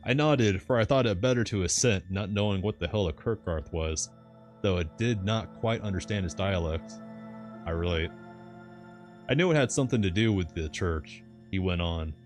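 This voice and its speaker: A man's voice: deep voice, moderate pace, a little mellow, soft background music. A man reading a novel aloud on a live stream, breaking off for irreverent asides.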